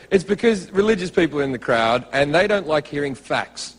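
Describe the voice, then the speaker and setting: A man's voice: high voice, animated, normal speed, few pauses. A man performing a stand-up comedy set on stage, with a mocking, profane, punchy delivery. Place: stage in a comedy venue before a live audience. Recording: live venue recording, reverberant with crowd noise. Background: audience laughter and murmurs.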